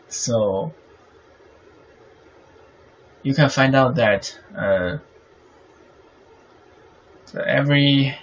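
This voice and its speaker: A man talks through a lesson at a very slow pace, his voice gravelly at the edges. He stops often, fills gaps with "uh," and keeps checking in with "right?". The recording sounds a little dull, with faint noise behind him. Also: medium pitch, fairly bright tone. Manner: halting, many fillers, asks "right?" often. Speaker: teacher. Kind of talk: explaining Chinese poetry meter.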